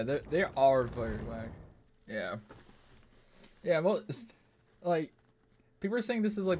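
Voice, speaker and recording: A gaming streamer with a mid-range, slightly mellow voice chats loosely while playing, rambling, swearing often, and saying "it's like" constantly. There's slight background noise.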